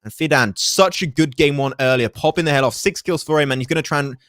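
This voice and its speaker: Guy doing rapid esports play-by-play, kinda high voice, dry close headset sound, cracks jokes as he goes. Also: dry recording. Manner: fast, energetic, joking asides. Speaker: esports caster. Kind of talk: live play-by-play commentary.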